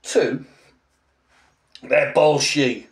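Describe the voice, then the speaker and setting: A man's voice: fairly high pitch, very slow. A man in his forties, a language teacher, ranting in a blunt, sarcastic vlog monologue with an English accent. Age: 40s.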